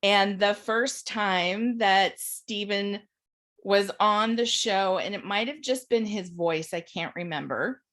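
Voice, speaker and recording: A woman on a video call telling funny stories in a chatty, animated way, laughing along as she talks. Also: medium pitch, slow pace. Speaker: panel participant. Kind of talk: casual storytelling on a video call.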